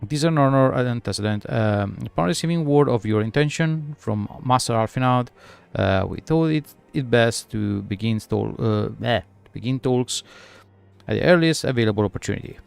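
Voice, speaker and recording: A man voicing a courteous, formal male guild emissary, reading the lines haltingly. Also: medium pitch, vocal fry, smooth, faint music behind, lightly acted.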